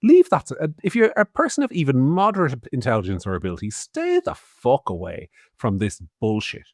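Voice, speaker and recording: A man's voice: medium pitch, huge pitch swings, fairly quick, no echo, studio quality. An Irish man co-hosting a podcast, giving opinionated political commentary in a sardonic, swearing tone. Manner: sardonic, swearing, swings loud and soft. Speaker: podcast co-host.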